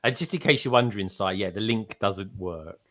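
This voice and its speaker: Male co-host, playful teasing banter, very animated pitch, bright tone. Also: moderate pace. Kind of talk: casual livestream banter.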